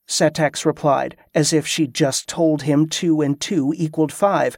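A man narrating a fantasy audiobook in a steady, even reading. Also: a little high, a little slow, gravelly, hardly any pauses, no room sound, studio quality.

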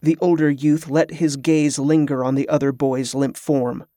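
A man narrating a fantasy novel in a steady, measured storytelling voice. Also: on the high side, no room sound, clean studio sound.

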